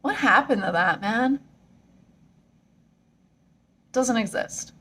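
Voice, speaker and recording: A woman talks straight to camera in a casual personal vlog, her voice sitting a little on the high side. She is frank and rambling, and her delivery turns animated whenever she gets caught up in a story. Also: measured pace, breathy edge. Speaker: vlogger.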